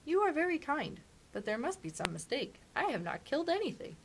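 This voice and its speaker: A woman reading aloud and voicing a young farm girl who speaks up high and exclaims with little gasps. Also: sing-song, fairly quick, slight background noise. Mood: hesitant.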